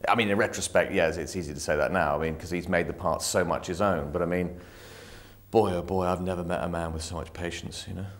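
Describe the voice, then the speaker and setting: A man's voice: sits low, steady tone, fast. A man in an interview, reminiscing about working with fellow cast members in a rambling way. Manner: rambling, full of "you know".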